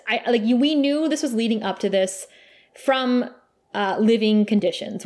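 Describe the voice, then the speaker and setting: A woman co-hosting a casual podcast, talking through a TV episode. She gushes and laughs often as she tells the story. Her pitch sits in a plain middle range. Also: a little mellow. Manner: emotional, gushing, laughs often. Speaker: podcast co-host. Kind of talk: casual chat recapping a TV episode.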